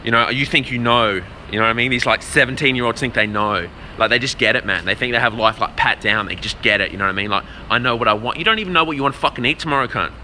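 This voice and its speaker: A man's voice: medium pitch, quick pace, few pauses, sharp tone, slight background noise. A man livestreaming a blunt, profane rant, answering his chat and stumbling over repeated words as he talks. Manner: repeats words while searching for them. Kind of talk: casual rant to a live audience.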